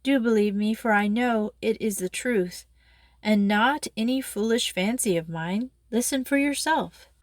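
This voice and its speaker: A woman reading aloud puts on an earnest young woman, pleading with urgency in a higher, brighter voice. The sound is dry and close. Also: unhurried, dry recording, close to an everyday voice.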